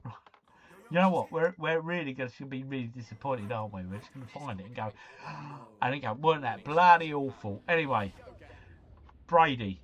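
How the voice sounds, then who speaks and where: A man's voice: mid-range voice, lively intonation, moderate pace. A middle-aged man hosting a live stream, chatting matily with viewers and reading out their comments. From United Kingdom. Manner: chatty, matey, reads and answers chat comments. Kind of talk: casual live-stream chat. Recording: dull lo-fi stream mic.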